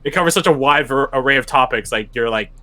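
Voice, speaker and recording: A young man runs a tabletop game as game master, describing scenes in a loose, rambling way full of fillers and restarts. His voice sits at an ordinary middle pitch. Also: fast talker, pushed and bright.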